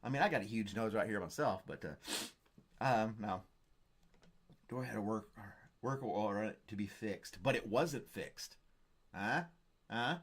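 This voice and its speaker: A man hosts a casual live stream and chats with viewers. He rambles from joke to joke in a relaxed, offhand way. His voice sits at an ordinary mid pitch. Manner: rambling, jokey, reads viewer comments. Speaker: host.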